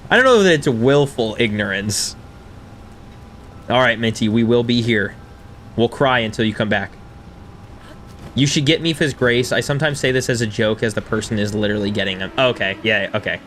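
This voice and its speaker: A man in his thirties streaming a game and chatting with his viewers in a casual, self-deprecating way, with quiet music underneath. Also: mid-range voice, normal speed, slight background noise. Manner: chatty and self-deprecating, reading chat aloud. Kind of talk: casual live-stream chat over gameplay.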